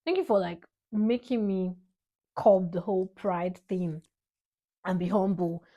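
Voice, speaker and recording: A young woman with a Nigerian accent speaks straight to camera, expressive and a little dramatic. She swings between soft, fond remarks and bursts of laughter as she thanks her father. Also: lowish voice, a little slow, dull audio. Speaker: vlogger. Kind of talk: heartfelt tribute to her father.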